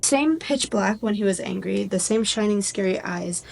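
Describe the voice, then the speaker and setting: Casual woman vlogger, mid pitch, chatty, loose rambling delivery. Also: normal speed, gravelly, low-quality recording. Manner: rambling, lots of "like", animated. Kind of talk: casual plot retelling.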